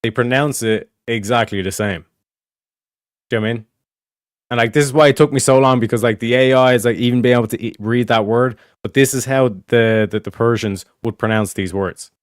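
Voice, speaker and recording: A man's voice: mid-range voice, fairly quick, smooth, dry recording, studio quality. A man streaming, explaining in casual, rambling talk that is full of swearing and repeated asides. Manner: rambling, profane, repeats "do you know what I mean".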